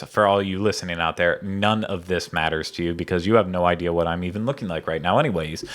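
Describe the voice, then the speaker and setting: A man's voice: low voice, fairly bright tone. A man hosting a podcast in casual chat, rambling with lots of fillers. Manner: rambling, chatty, many fillers. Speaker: podcast host.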